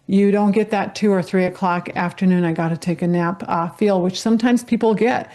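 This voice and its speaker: A woman's voice: mid-range voice, steady tone, fairly quick, a little mellow. Patient explaining woman doctor. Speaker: doctor guest. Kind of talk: casual health chat.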